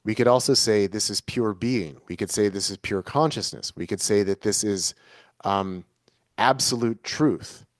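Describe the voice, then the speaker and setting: A man with a somewhat low voice, answering as an interview guest in a reflective, conversational way. He talks earnestly and keeps circling back to restate each idea in new words. The sound is dry and close, with hardly any room echo. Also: measured pace.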